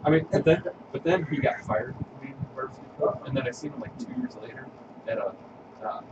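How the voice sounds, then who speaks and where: A man telling a rambling story in a casual chat, stumbling and repeating words. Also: mid-range voice. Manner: halting, repeats himself. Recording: distant, dull mic with loud noise.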